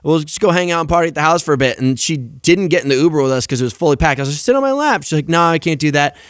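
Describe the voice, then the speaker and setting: A young man tells stories on a podcast, his voice sitting a little high. He's animated, swears freely and acts out what everyone said. The sound is dry and close. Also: very fast, dry recording. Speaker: podcast guest. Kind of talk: casual storytelling chat.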